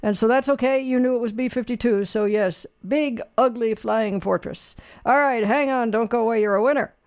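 Man, radio call-in host, gravelly rasp, loose folksy rambling delivery. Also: very high voice, moderate pace. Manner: rambling, folksy, lots of fillers and restarts. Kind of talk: casual call-in chat, radio trivia quiz.

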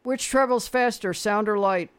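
A radio host, a man with a high voice for his sex, talks in a blunt, opinionated way. He chats easily with callers and quizzes them. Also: moderate pace, a bit bright, smooth. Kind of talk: call-in radio quiz chat.

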